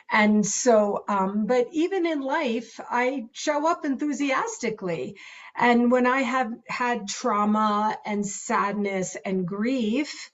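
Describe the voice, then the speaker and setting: A woman's voice: mid-range voice, muffled recording. A middle-aged woman coach talking about confidence and voice in a casual, earnest and enthusiastic way, laughing often. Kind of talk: casual self-recorded advice talk.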